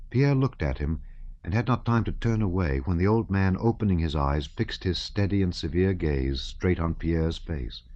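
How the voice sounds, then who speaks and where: A man narrating an audiobook in a measured, even reading style. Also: low-pitched, dull audio.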